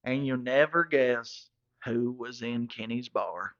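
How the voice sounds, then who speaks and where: Man, mid pitch, rambling comic storyteller, slightly muffled lo-fi sound. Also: slow, a bit bright. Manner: rambling, drawling, self-correcting. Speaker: comedic storyteller in character. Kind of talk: comedic monologue.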